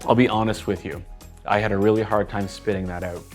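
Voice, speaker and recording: Relaxed man talking through a wine tasting. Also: fairly low pitch, a little fast, soft background music. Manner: relaxed, thinking aloud with many fillers. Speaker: wine taster for a wine seller. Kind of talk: casual product tasting talk.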